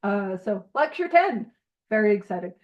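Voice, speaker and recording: A woman leading a casual group study, reading aloud and explaining in an animated, emphatic way with jokey asides, heard over a video call. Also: medium pitch, a little slow, highs cut off.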